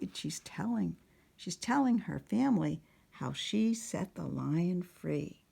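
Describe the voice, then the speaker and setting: A woman narrating a picture book at storytime, speaking softly and often slipping into a whisper, asking the listener questions. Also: on the low side, expressive, a little slow, gravelly, breathy edge. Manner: soft, often sliding into a whisper.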